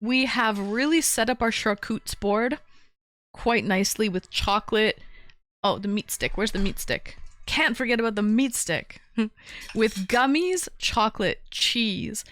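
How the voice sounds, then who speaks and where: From her home in a small town, a Toronto-born woman who streams full time unboxes gifts and replies to chat in a relaxed livestream. She has a mid-range, fairly bright voice, and there is no room sound.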